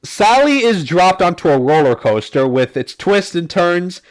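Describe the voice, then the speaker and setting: A man's voice: high voice, very animated, unhurried. A man hosting a casual podcast, recapping comics in a rambling, filler-heavy way with the odd swear. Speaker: podcast host.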